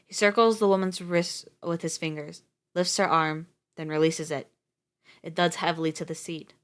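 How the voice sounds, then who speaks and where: A woman's voice: fairly low pitch, fairly even intonation, normal speed, clear, resonant tone. Casual woman reading a story live. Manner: casual, swearing, laughing asides. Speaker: streamer reading a story aloud.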